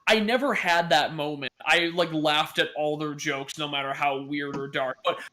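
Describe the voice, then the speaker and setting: A man with a slightly high voice, co-hosting a podcast. He tells rambling anecdotes in an easy, casual way and swears now and then. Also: fairly even intonation, normal speed, pushed and bright. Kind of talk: casual chat.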